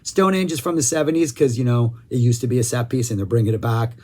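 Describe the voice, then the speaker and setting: A man's voice: mid-range voice, fast, a little mellow. A man with a mid-range voice hosts a casual music review. He talks with rambling enthusiasm and often stops to correct himself before pushing on.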